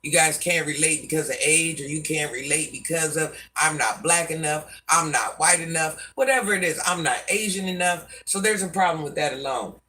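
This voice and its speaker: A woman around sixty with a deep voice, a live-stream host giving life advice to viewers in a folksy way, calling them baby and hun and calling herself Granny. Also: normal speed, few pauses, pushed and bright, recorded from a distance.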